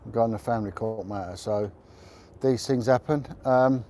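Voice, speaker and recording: A man's voice: fairly low pitch, normal speed, warm tone, a little hiss or hum. A middle-aged man hosting a casual livestream outdoors, talking in a chatty, rambling way with blunt opinions. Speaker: livestream host. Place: outdoors on a windy rooftop.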